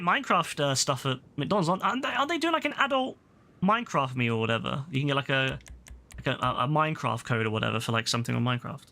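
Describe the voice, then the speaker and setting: A man streaming a game live, chatting to his viewers in an excitable, slangy way and swearing casually. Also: medium pitch.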